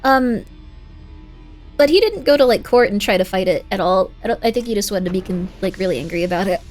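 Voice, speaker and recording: A woman's voice: medium pitch, animated, brisk, darkish tone, soft background music. A young woman streaming a game, chatting casually and sympathetically with her chat. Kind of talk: casual gameplay commentary, reading chat.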